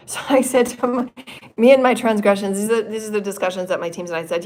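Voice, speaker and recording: A woman's voice: medium pitch, brisk. Chatty middle-aged woman channeling spirit messages. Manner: chatty and meandering, laughs often, swears freely. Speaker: spiritual channeler hosting a livestream. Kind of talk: casual rambling livestream chat. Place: indoor meeting room.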